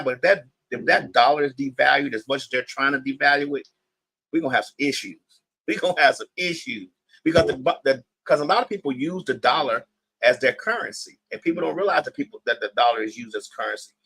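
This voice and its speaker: A man co-hosting a casual podcast, speaking at an ordinary middle pitch with a bright, gravelly, slightly raspy tone. The sound is dry and close. He chimes in often with quick agreements and stretches into easygoing explanations. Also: no room sound, low-quality recording. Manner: frequent short backchannel agreements, casual explanations. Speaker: podcast co-host.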